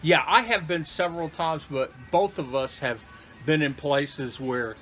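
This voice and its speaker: A man's voice: a little high, measured pace, a bit bright, faint music behind. A middle-aged man co-hosting a casual wine show, agreeing readily and joking with his co-host. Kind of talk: casual chat.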